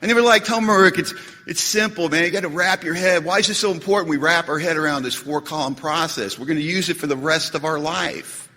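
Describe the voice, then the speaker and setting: A man speaking at a recovery meeting, an animated storyteller who jokes and acts out quotes. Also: on the high side, a little fast. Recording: echoey hall recording.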